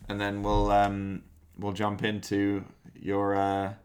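A woman's voice: rumbling low, completely flat delivery, takes it slowly, a little mellow. An English woman with a slight Californian twang hosting a podcast, chatty and teasing her co-host. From England. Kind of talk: casual chat.

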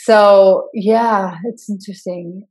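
A woman's voice: medium pitch, fairly even intonation, takes it slowly, darkish tone. A woman hosting a podcast interview, chatty and enthusiastic in a casual conversational way. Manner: chatty and enthusiastic, with many fillers like "like". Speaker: podcast host.

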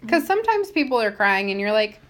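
A young woman co-hosts a casual chat, her voice rising and falling expressively. She laughs often and reacts warmly to the others. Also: a little high, sing-song, brisk. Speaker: podcast co-host.

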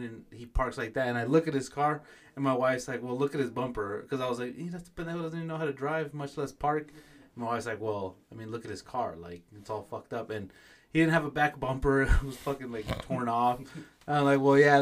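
A man on a casual podcast tells a profane, animated story. His voice sits at an ordinary middle pitch, and he switches into Spanish for quoted lines. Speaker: podcast co-host.

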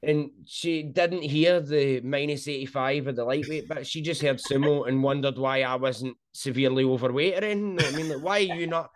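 A young Scottish man, a sumo wrestler appearing as a guest, chats casually in an interview with a mid-range voice and a Scottish accent. He laughs easily and speaks slowly and clearly, enunciating for listeners.

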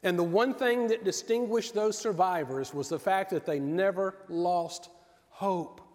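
A middle-aged man preaching a sermon in an earnest, measured way with pauses. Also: sits high, a little mellow. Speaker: pastor. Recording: long reverb of a large hall.

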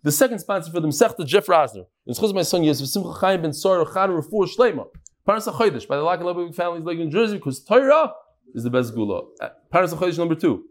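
A man leading a daily Talmud class in front of a live audience, reading out messages and joking with the room in an animated way. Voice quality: animated, jokey, quick shifts in pitch.

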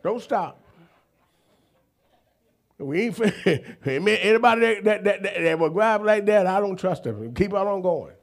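A man, preaching a sermon and telling stories in an animated, folksy, emphatic way. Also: high voice, measured pace, pauses often. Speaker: apostle preaching.

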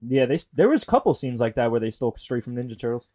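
A man's voice: medium pitch, very animated, rapid-fire, a little mellow, no echo, studio quality. A man in casual chat about a movie, with blunt, profane, short remarks.

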